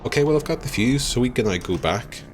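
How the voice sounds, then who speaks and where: A man streaming a game live, chatting with viewers, swearing freely and reacting loudly to what happens on screen. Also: mid-range voice, animated, fast talker, faint music behind. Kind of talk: live gameplay commentary.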